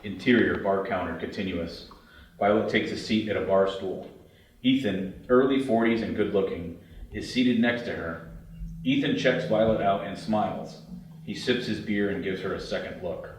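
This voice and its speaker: Deep-voiced man reading scene directions. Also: moderate pace. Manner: plain, matter-of-fact reading. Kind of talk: script read-through narration. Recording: very echoey, distant, faint hiss.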